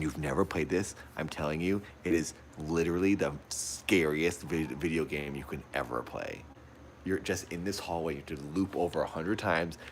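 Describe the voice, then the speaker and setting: A man with a very deep, gravelly voice livestreams a horror game from a dark room at home, recording on a phone aimed at the TV with slight background noise. Giving live gameplay commentary, he's jumpy and easily frightened, repeating his exclamations.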